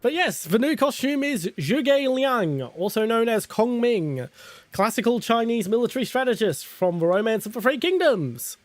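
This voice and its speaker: Giggly high-voiced male streamer. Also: sing-song, normal speed, dry recording. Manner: giggly and chatty, swears casually. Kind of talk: casual live-stream chat.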